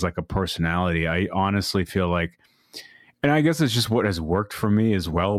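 A man's voice: sits low, no room sound, clean studio sound. A man being interviewed about his book, talking in a laid-back way, full of fillers and the odd swear word. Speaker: podcast guest, author. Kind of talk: casual conversational interview.

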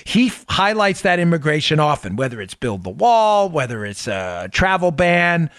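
A man hosting a podcast delivers emphatic, sarcastic political commentary, repeating phrases for effect. His voice is on the high side and fairly bright, with big pitch swings and a moderate pace, recorded dry in studio quality.

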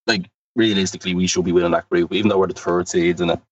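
Very deep flat voice guy, calm, muffled and far from the mic. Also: fast, dry recording. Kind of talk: casual chat. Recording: distant dull dry mic.

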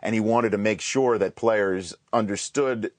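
A man's voice: on the low side, a little slow, no echo. A man hosting a casual sports radio chat, telling stories and laughing along with his guests. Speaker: host.

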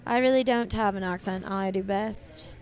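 A woman co-hosting a casual sports podcast, bantering quickly and laughing easily. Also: medium pitch, darkish tone. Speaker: podcast co-host.

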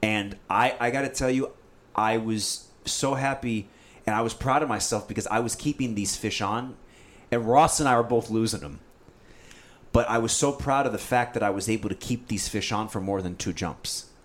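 A man telling a fishing story in casual chat, animated and often saying "dude.". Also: lowish voice, moderate pace.

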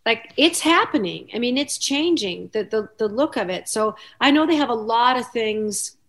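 A woman's voice: a little high, lively intonation, moderate pace, a bit bright. Chatty woman radio host. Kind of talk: casual radio chat.

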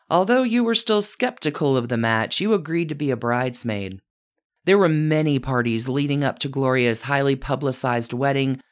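A woman narrating a scripted story in a measured way, speaking directly to her subject as "you". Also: extremely low pitch. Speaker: podcast narrator.

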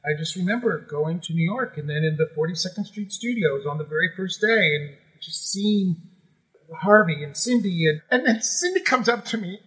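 A man working in musical theatre, telling backstage stories as an interview guest with animated, emotional delivery and frequent restarts. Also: high voice, moderate pace, husky, low-quality recording. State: moved to tears at times. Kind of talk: casual interview storytelling.

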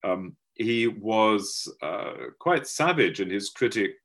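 A man giving an academic webinar lecture, halting with many fillers and restarts, over a video call. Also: fairly low pitch, expressive, fairly bright tone. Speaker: guest lecturer.

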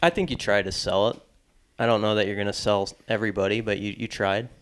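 A man's voice: on the low side, steady tone, quick pace, fairly bright tone, clear, resonant tone. A man co-hosting a sports podcast, sharing wry, emphatic opinions in casual chat. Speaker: podcast co-host.

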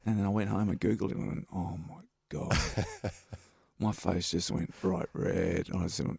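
A man's voice: deep voice, steady tone, moderate pace, vocal fry, dark tone, slightly rough, no room sound, clean studio sound. A man with an Australian accent, a stuntman guest telling rambling anecdotes in a casual interview. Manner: laid-back, rambling anecdotes with many fillers.

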